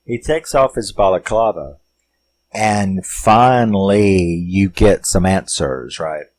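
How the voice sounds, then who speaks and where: A man with a lowish voice talks through a horror movie at an unhurried, drawn-out pace. His review is loose and rambling, peppered with curses and filler words, and he chuckles along as he goes. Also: a little mellow, rough recording. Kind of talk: casual film review monologue.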